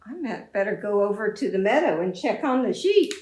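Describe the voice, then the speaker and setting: A woman voicing a tired, bewildered male farmer in a children's story, exclaiming in a high, loud voice. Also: big pitch swings, brisk. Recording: echoey room.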